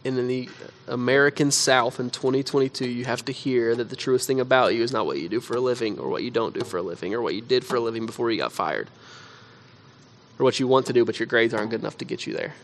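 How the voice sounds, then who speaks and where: A pastor delivers a sermon at a church service in a relaxed, chatty way, peppering his story with "like." His voice sits at an ordinary middle pitch for a man. He leans in quietly when he presses his main point. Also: quick pace, a little hiss or hum. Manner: conversational storytelling with frequent "like".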